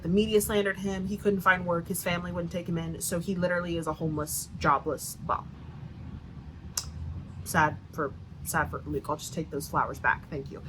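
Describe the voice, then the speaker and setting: A woman's voice: medium pitch, sharp tone, a little hiss or hum, rough recording. A woman giving a casual, sarcastic book review rant, swearing often and filling her talk with "like.". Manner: profane, sarcastic, heavy filler use.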